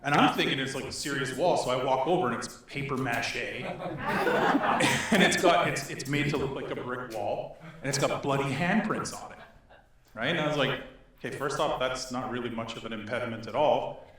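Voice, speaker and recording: Animated man telling a story in an echoey hall. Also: medium pitch, moderate pace, noisy background. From Northern Alberta, Canada. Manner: animated, laughing, acts out quoted voices. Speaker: speaker. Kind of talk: storytelling to an audience. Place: synagogue hall.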